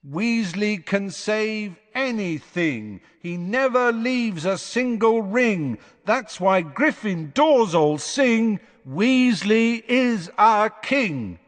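A man reading aloud and singing a slow, gloating chant of a student crowd. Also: high voice, animated, big-room sound, voice pushed up, exaggerated voice. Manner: slow sing-song chant. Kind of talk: audiobook sung chant.

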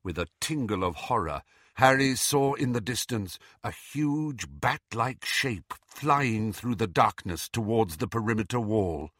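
A man narrating an audiobook in an expressive, dramatic reading. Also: on the low side, a little slow, no echo, studio quality. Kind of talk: scripted narration.

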